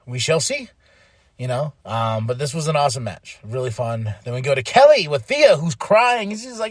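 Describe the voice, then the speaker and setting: A man hosts a podcast and recaps wrestling in a casual, chatty way, full of fillers and restarts. He acts out what wrestlers said in big, exaggerated voices. His voice sits a bit high, and the sound is dry and close to the mic. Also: big pitch swings, moderate pace, no echo. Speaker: podcast host.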